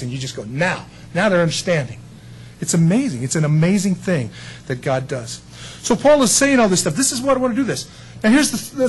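A man's voice: on the high side, a little hiss or hum, poor audio. A male pastor giving a conversational sermon, acting out quotes of the people he talks about. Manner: conversational preaching with acted-out quotes.

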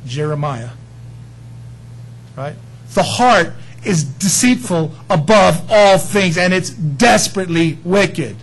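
A man's voice: fairly high pitch, a little hiss or hum, rough recording. A man preaching a sermon, emphatic and folksy, often asking his listeners questions.

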